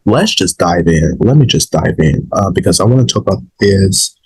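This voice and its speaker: A man's voice: low voice, expressive, normal speed, a little mellow, husky, rough recording. A man, a little sick and saving his voice, talking casually to his viewers in a rambling way, with many fillers and restarts. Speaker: vlog host. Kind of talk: casual opinion talk to viewers.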